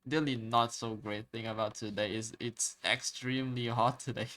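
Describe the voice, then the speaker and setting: A man's voice: mid-range voice, fairly even intonation, normal speed, a bit bright. A man casually chatting with his viewers while drawing on a live stream, laid-back and chuckling often, repeating words as he starts his sentences.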